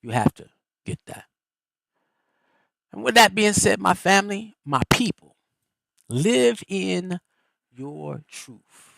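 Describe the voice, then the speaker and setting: A man's voice: sits high, vocal fry, no echo, rough recording. A middle-aged man hosting a live stream, giving a motivational teaching in a folksy, preacherly way. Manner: animated, preacherly, folksy and quick. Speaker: host.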